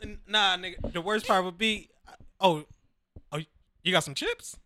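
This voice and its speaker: A man co-hosting a talk show, joking in quick casual banter. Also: high-pitched, sharp tone, a little hiss or hum. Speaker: podcast co-host. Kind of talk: casual chat.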